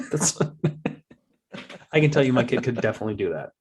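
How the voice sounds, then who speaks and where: Man telling lively dad stories. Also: mid-range voice, normal speed, background noise. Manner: animated storyteller, acts out his toddler's voice. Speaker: podcast host. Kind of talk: casual podcast chat.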